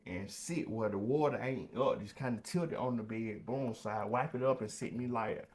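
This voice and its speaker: Young guy w telling a story on a podcast, animated, keeps doing voices. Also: normal speed. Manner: animated, acts out quoted voices with loud high bursts. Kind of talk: casual storytelling.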